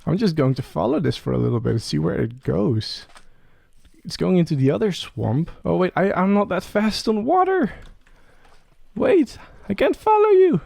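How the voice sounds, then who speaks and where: Young guy narrating his gameplay, kinda gravelly, mellow dark tone, dry close mic. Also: a little high, normal speed, no echo. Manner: chatty, talks to game creatures, excited rising questions. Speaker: Let's Play creator. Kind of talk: casual gameplay commentary.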